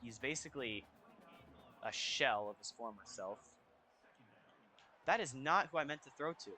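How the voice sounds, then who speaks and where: Young male gamer, bright forceful voice, excitable play-by-play over faint music. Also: mid-range voice, normal speed. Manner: excitable, reacting loudly to plays. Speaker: gaming YouTuber. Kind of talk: casual gameplay commentary.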